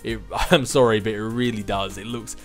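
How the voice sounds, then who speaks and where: A man's voice: lowish voice, fairly even intonation, normal speed, faint music behind. A man hosting his own gaming channel, answering viewer questions in a casual, chatty way and chuckling between thoughts.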